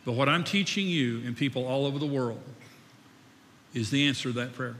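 A man's voice: mid-range voice, a little fast, fairly bright tone, slight background noise. An older man preaching a sermon in a conversational way, asking his audience questions and joking about himself. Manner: conversational, asks the audience questions, self-deprecating. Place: church hall. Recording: echoey hall.

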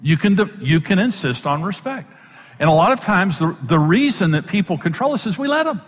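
A man's voice: high-pitched, sing-song, a little fast, in a large hall. A man who is a Bible teacher and program host, giving an emphatic, plain-spoken sermon-style teaching in numbered points.

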